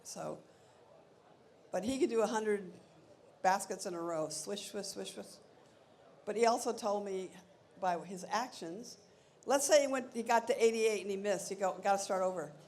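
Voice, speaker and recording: Gravelly older woman telling stories. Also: mid-range voice, normal speed, a little hiss or hum. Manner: animated, acts out quoted voices. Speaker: interview guest. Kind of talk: anecdotal storytelling on stage.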